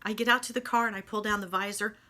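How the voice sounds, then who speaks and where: A woman telling a personal faith testimony, emotional and animated, with folksy asides. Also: medium pitch, fast. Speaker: speaker sharing faith testimony.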